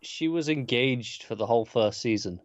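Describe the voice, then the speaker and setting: A man's voice: mid-range voice, normal speed, no room sound. A man co-hosting a podcast in casual chat, easygoing, often answering with short agreement. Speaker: podcast co-host. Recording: slightly dull lo-fi audio.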